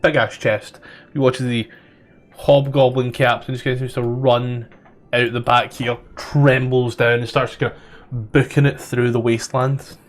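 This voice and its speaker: A Scottish man narrating and ruling as game master, easygoing, with fillers and throat clearing. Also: mid-range voice, flat delivery, measured pace, faint music behind.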